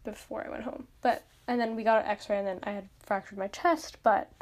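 A woman's voice: medium pitch, fairly even intonation, a little fast. A young woman hosting a podcast, telling a story in casual chat, self-mocking and full of "like". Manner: chatty, lots of "like", self-mocking. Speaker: podcast host.

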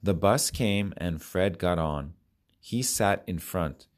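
Slow, low-voiced man reading storybooks. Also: dry recording, clean studio sound. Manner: slow, careful, even reading. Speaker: children's book reader. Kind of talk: storybook read-aloud.

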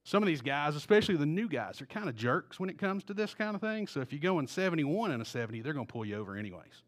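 A man putting on the voice of a sarcastic former state trooper, with a low, slow drawl. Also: big pitch swings. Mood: laid-back authority.

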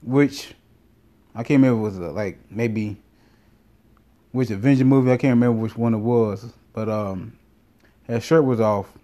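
A man's voice: lowish voice, normal speed, pauses often, dark tone. A man telling a casual, rambling story full of swearing and self-corrections. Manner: rambling, profane, self-interrupting. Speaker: vlogger.

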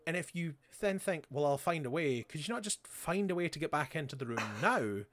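A man co-hosts a podcast, casually recapping a show and sarcastically acting out the characters' lines in quick voices. His voice is on the high side and expressive, and the background is noisy.

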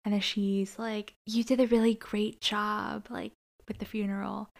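A woman co-hosting a podcast, recapping a TV episode in loose, casual conversation. She leans on fillers and quick asides. She mimics the characters' lines as she retells the scenes. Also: mid-range voice, level tone, creaky. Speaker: podcast co-host.

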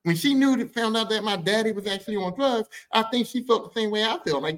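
High-voiced man telling a profane story. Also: fast, few pauses. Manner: animated, profane, shifts into character voices. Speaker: podcast host. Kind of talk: comic personal storytelling.

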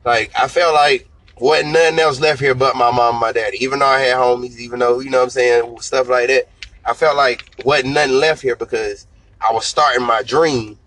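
A man in his thirties, a singer being interviewed, telling his story in a relaxed, slangy, conversational way. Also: mid-range voice, normal speed, rough recording. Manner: relaxed storytelling, slangy, repeats "you know what I'm saying". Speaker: singer and guest.

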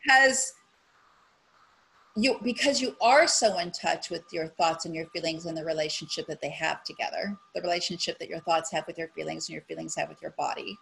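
Animated, frank woman in casual chat. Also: low voice, a little fast, gravelly, a little hiss or hum, low-quality recording. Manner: animated, frank, swears casually, acts out her inner voice.

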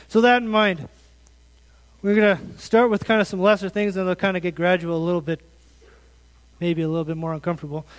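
A man's voice: high voice, in a large hall, low-quality recording. A man in his thirties preaching a conversational sermon, asking his congregation pointed, earnest questions. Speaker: pastor.

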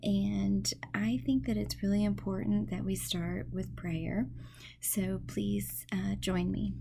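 A woman hosting a devotional podcast who speaks in a soft, earnest, half-whispered way, praying and teaching from scripture. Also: medium pitch, steady tone, slow, vocal fry, slight background noise. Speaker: podcast host. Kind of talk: devotional podcast talk with prayer.

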